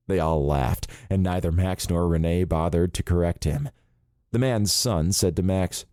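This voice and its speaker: A man reading a thriller audiobook in a calm, measured narration. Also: low voice, no echo, studio quality. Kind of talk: scripted narration.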